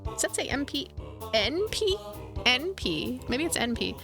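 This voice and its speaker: Giggly lady gamer chatting to herself, kinda high voice, game music going. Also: sing-song, measured pace. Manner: playful, giggly, talks to herself. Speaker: let's play host. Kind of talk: casual game commentary.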